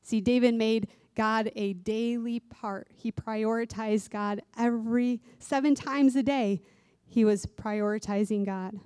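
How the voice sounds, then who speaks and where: A woman's voice: fairly high pitch, steady tone, unhurried, warm tone, clean tone, no room sound. Earnest woman preaching, repeating key phrases. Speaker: dance teacher giving a devotional talk. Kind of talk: sermon.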